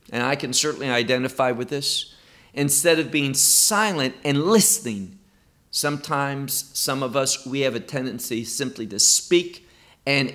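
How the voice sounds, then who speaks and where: A man teaching through a Bible passage verse by verse, speaking slowly and with emphasis. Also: medium pitch, fairly bright tone. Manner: slow, emphatic, quoting scripture verse by verse.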